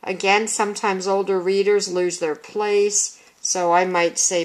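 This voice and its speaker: A woman's voice: mid-range voice, level tone, measured pace, few pauses. A woman teacher explaining reading methods in a recorded demonstration. She reads lines from a children's book aloud as examples, recorded on a handheld video camera. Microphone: handheld consumer video camera.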